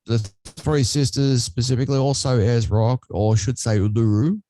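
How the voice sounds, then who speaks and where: An Australian man co-hosting a casual chat, relaxed and rambling. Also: medium pitch, moderate pace. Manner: relaxed and rambling, with many restarts. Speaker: co-host.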